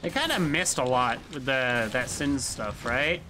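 A man's voice: medium pitch, lively intonation, measured pace, noisy background. A man streaming a video game, chatting casually and rambling with jokes to his chat as he plays. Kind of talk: casual gameplay commentary.

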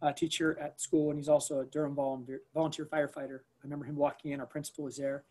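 A man recounting an emergency at school in a conversational interview. He talks in an animated way, with many fillers and restarts, and acts out the things people said. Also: fairly high pitch, fast talker.

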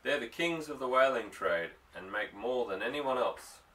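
A man's voice: medium pitch, expressive, moderate pace, pushed and bright, recorded from a distance, rough recording. A man voicing an earnest young fisherman. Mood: coaxing. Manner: coaxing, affectionate.

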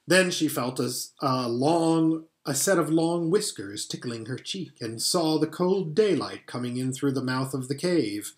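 A man reading a children's storybook aloud in an expressive way, now and then stumbling and restarting a phrase. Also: medium pitch, a little slow, hardly any pauses. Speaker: audiobook reader.

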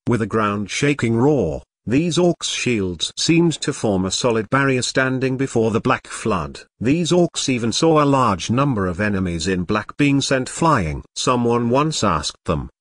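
Guy reading a fantasy web novel audiobook, middle pitch, lots of rise and fall, dry close mic. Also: very animated, measured pace, few pauses, fairly bright tone, no room sound. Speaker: audiobook narrator. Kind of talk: scripted narration of a web novel.

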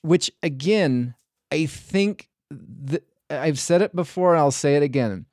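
A man talks casually on a podcast, circling around his points with false starts and hedges. His voice sits a little higher than most men's. The recording is dry, with no room sound. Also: expressive, a little slow, a little mellow, dry recording. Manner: rambling, full of restarts and hedges. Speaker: podcast host.

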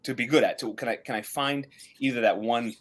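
A man in casual conversation who stops and restarts often and leans on fillers, then picks up into animated runs when an idea lands. His voice sits at an ordinary middle pitch for a man, plain and unremarkable. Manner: halting, many restarts and fillers, animated bursts. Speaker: co-host of a comics writing podcast. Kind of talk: casual discussion.

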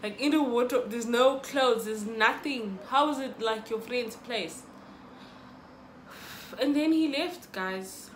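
A woman's voice: a little high, takes it slowly, roomy sound, slight background noise. A young South African woman telling a dramatic storytime to her viewers. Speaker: YouTuber. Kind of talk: storytime vlog.

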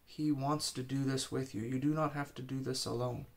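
A man's voice: mid-range voice, fairly even intonation, moderate pace. A man preaching an informal sermon, urging listeners with earnest, repeated exhortations.

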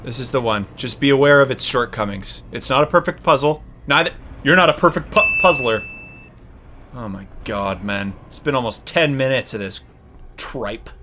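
A man hosting a let's play, talking casually and excitably, yelling and swearing at the game. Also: medium pitch, moderate pace, noisy background. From Canada. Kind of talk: casual gaming commentary.

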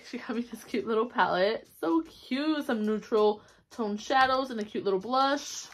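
With a slightly high voice at a moderate pace, a young vlogger gives a casual haul chat to a camera on a stand in her home. She keeps it upbeat, peppered with fillers and little squeals of delight.

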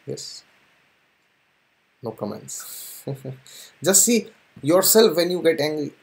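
A man gives an informal spiritual talk to his audience. His voice sits in a middle pitch, and he speaks with an animated rhythm, punctuating his ideas with repeated affirmations and short laughs. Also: creaky. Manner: animated, repeats "yes" often, laughs between points. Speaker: spiritual and astrology channel host. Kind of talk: casual spiritual talk to camera.

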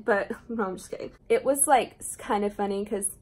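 A woman's voice: medium pitch, steady tone, a little fast, hardly any pauses. A young woman with a Southern US accent, chatting casually and rambling while she does her makeup at home. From Southern Indiana, USA. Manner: chatty, rambling, frequent laughs and asides. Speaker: beauty vlogger. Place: indoors at home, doing makeup.

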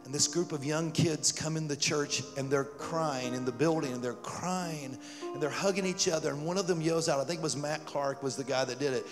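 Man, pastor preaching, fairly high voice, animated storytelling, long church reverb. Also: a little fast. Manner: animated storytelling, rising to loud fervor. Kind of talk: sermon storytelling. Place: church sanctuary. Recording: church hall reverb with music.

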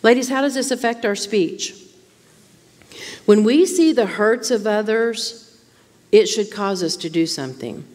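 A woman's voice: medium pitch, expressive, a little slow, pauses often, darkish tone. Woman teaching in a reverberant church hall. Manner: informal, asks many rhetorical questions. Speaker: Bible teacher at a women's conference. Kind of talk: conversational sermon.

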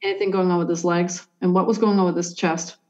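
A woman psychic medium giving a reading in a hesitant, halting way, full of "like" and restarts. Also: lowish voice, level tone, a little mellow. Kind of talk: conversational reading for a sitter. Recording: dull lo-fi sound.

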